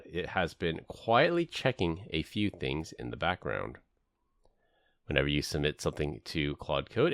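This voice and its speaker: A man's voice: rumbling low, dry recording, studio quality. A middle-aged man hosting a casual tech podcast, telling stories with energy and acting out the people he quotes. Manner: animated storytelling, acts out quoted people. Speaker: podcast host.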